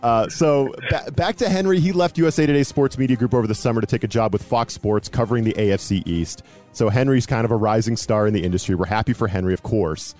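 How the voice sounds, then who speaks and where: A man in his thirties hosting a casual sports podcast, chatty and self-deprecating, with quick asides. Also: mid-range voice, darkish tone, soft background music. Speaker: podcast host.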